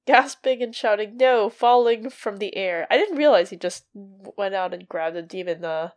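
A young woman co-hosting a podcast, summarizing a book with relaxed asides. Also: medium pitch, normal speed. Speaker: podcast co-host. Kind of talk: casual book discussion.

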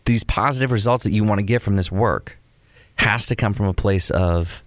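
A man with a notably low, deep voice talks casually as a podcast co-host. He is animated and acts out quoted examples to make his points. The sound is dry and close, with no room echo. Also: moderate pace. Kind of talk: casual conversation about creative work.

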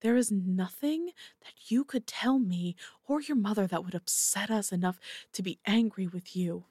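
A woman voicing a gentle, worried middle-aged father who speaks softly and earnestly. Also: mid-range voice, moderate pace, slightly rough, dry recording, studio quality, natural voice. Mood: tender.

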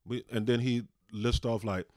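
A man's voice: mid-range voice, steady tone, moderate pace, darkish tone, dry recording, studio quality. Laid-back man rambling a gig story. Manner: laid-back, many fillers and "you know". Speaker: comedian podcast co-host. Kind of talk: casual chat.

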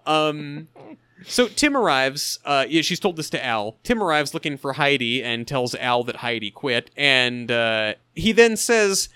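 A man co-hosting a casual podcast, recapping a TV episode in an animated, wry and critical way with quick asides. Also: mid-range voice, clear, resonant tone, dry recording. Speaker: podcast co-host.

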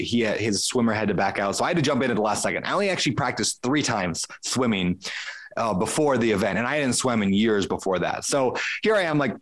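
Man, podcast guest, mid-pitch, chatty storyteller who acts out his own thoughts and restarts often. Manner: frequent restarts and fillers. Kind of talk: casual conversational storytelling.

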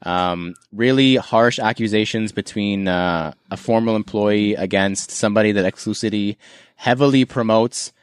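A man's voice: on the low side, moderate pace, clean tone, no echo, clean studio sound. A man hosting a casual podcast, joking and laughing with his cohosts. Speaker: podcast host.

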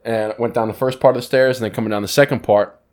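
A man's voice: medium pitch, quick pace. Laughing, swearing podcast guy. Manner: animated storyteller, swears, laughs a lot. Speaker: podcast co-host. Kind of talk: casual chat.

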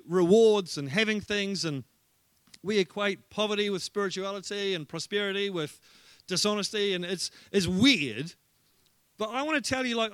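A male pastor delivering a lively sermon, telling stories with humour and plenty of energy. His voice sits high and sounds bright and forceful. The recording is dry and close, with no audible room sound. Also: no echo. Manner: energetic, humorous storytelling.

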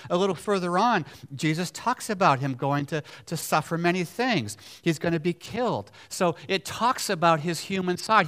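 A man's voice: on the high side, fairly bright tone. A man preaching a sermon, emphatic, repeating key words and putting questions to the congregation. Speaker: pastor.

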